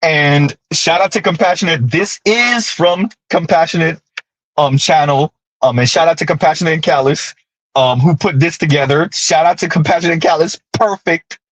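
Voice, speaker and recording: A millennial man with a high, light voice delivers a casual, ranting commentary full of sarcastic asides. He sounds close and dry, with no room around him. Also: normal speed, no room sound. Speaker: commentary channel host.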